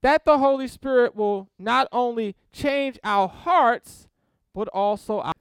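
Here a man speaks at an extremely high pitch, taking his time in a smooth delivery; the recording is dry and the studio sound clean. His informal sermon covers spiritual disciplines, delivered conversationally with frequent "okay?" and "right?" check-ins.

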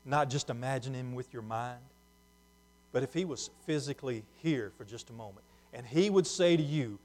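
Preaching in a medium-pitched voice, he alternates hushed, unhurried passages with forceful, booming moments.

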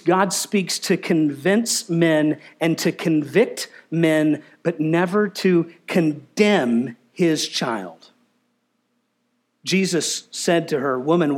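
A man preaching a sermon, asking the congregation questions and driving his points with emphasis. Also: fairly high pitch. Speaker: pastor.

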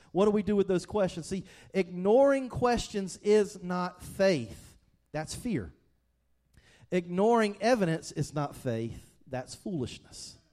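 Male pastor, fairly high voice, earnest, chatty sermon delivery with frequent restarts. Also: a little mellow. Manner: earnest, conversational, repeats and restarts words.

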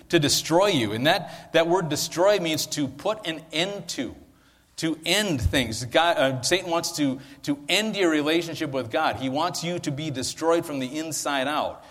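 A man's voice: on the high side, expressive, normal speed, fairly bright tone, big-room sound. A man giving a chatty, conversational sermon as pastor, often checking in with his listeners. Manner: chatty, asks listeners "right?". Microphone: handheld or stand mic.

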